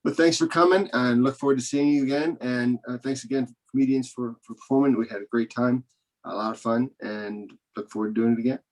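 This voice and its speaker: A man's voice: medium pitch, steady tone, a little fast, a little mellow. Rambling man hosting a comedy show. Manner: rambling, hesitant, full of restarts. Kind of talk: casual hosting, closing remarks.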